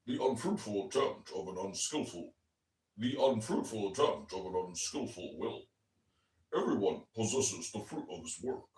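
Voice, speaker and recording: A man's voice: lowish voice, darkish tone, distant mic. A man reading aloud from a book in a mock-solemn, teasing way. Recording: echoey room, off mic.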